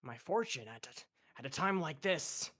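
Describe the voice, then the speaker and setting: A man's voice: on the high side, lively intonation, measured pace, fairly bright tone. Man doing a frantic pirate sky captain. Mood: gruff pirate. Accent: put-on pirate speech. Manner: theatrical, wailing for his lost crew. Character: young gray-haired pirate airship captain, frantic and dramatic. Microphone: online voice chat mic.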